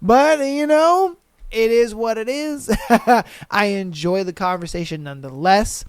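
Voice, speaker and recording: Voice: mid-range voice, measured pace, smooth, dry recording. A podcast host chatting casually on a solo show, cursing freely, laughing often and reacting to listener posts.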